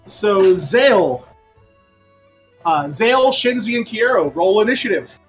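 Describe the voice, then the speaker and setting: A man narrating as game master of a tabletop game, pausing often with ums and uhs. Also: sits high, animated, soft background music, rough recording. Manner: halting, with many ums and uhs.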